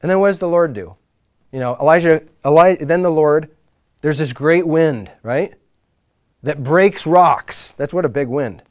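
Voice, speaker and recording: A man giving a talk at a faith retreat, telling stories in an animated, informal way, shifting between loud and hushed and often restarting his sentences. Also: fairly high pitch, moderate pace, smooth. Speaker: retreat speaker. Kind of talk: retreat talk to a live group.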